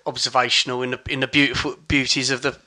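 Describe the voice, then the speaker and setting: A man co-hosting a podcast, rambling about films in a halting way with many restarts. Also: mid-range voice, little pitch movement, bright, forceful tone. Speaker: podcast co-host. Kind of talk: casual film chat.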